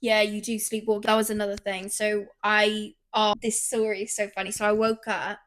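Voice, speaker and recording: A woman hosting a podcast, chatting casually and acting out her stories loudly. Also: mid-range voice, moderate pace. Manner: animated storyteller, swears, acts out quotes loudly. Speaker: podcast host. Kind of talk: casual chat.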